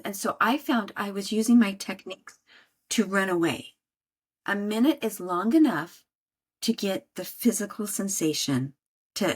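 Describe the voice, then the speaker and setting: Husky-voiced woman, animated storyteller. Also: medium pitch. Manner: animated, acts out her own inner voice, demonstrates tapping. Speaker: guest sharing her healing story. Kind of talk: conversational interview talk.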